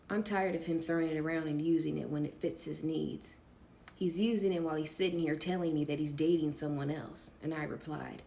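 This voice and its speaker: A woman reading a first-person life story aloud in a casual, informal way. She drops chatty side comments to her audience between passages. Her voice sits fairly low. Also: fairly quick, gravelly, mellow. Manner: reads with chatty off-script asides to listeners.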